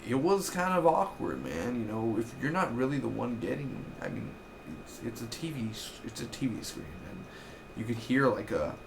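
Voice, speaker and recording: A young man in his twenties casually recapping a TV episode, rambling and excitable, swearing freely. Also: medium pitch, normal speed, vocal fry, noisy background. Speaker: TV episode reviewer.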